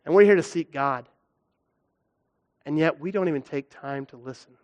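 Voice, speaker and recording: A young man delivers a sermon with an unusually high, bright-pitched voice. He is animated, acting out stories with sudden leaps up in pitch and volume as he speaks to his congregation. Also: moderate pace. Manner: animated, acts out stories with big pitch swings. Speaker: guest preacher.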